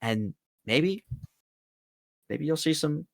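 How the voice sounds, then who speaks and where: A man's voice: fairly high pitch, expressive, takes it slowly, gravelly, dry recording, studio quality. A man from the UK, a player on a tabletop game stream, chatting casually at the end of the stream in an upbeat, rambling, self-mocking way. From United Kingdom. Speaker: tabletop game player plugging his projects.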